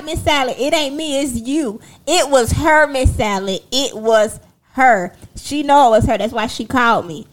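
Sassy, animated woman telling a story. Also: on the high side, moderate pace. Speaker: livestream host. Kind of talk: casual chat to viewers.

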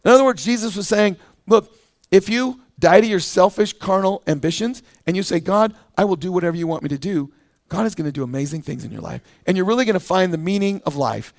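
A middle-aged man preaching a sermon as pastor, in an animated, conversational way, often acting out quoted voices. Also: sits high, quick pace. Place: church.

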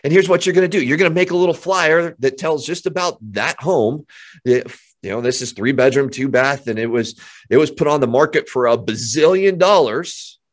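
A man coaching real estate agents in an energetic motivational talk, emphatic and often repeating himself. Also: a little high, moderate pace.

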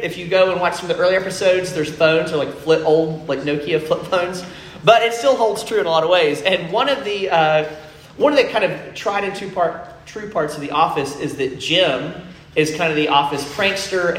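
Brief: young male preacher, slightly high voice, relaxed chatty delivery, roomy echo with faint background hum. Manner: casual storytelling with many fillers. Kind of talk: sermon. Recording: echoey room, faint ambience.

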